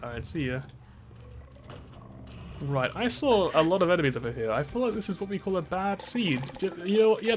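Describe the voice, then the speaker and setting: A man's voice: high voice, a little hiss or hum. A man streaming a video game, chatty and self-deprecating, swearing and laughing often. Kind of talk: casual game commentary.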